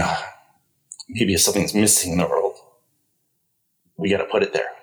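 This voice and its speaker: Man, middle-aged, very deep voice, earnest, reflective, halting restarts, interview guest. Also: fairly bright tone, poor audio. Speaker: podcast guest. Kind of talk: personal storytelling in an interview.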